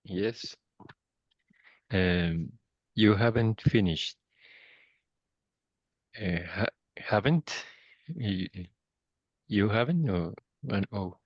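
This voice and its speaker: Low-voiced guy student, slow and unsure, fixing his answer as he goes, muffled lo-fi sound. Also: no room sound. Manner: slow, hesitant, self-correcting. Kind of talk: answering in class. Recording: muffled lo-fi audio.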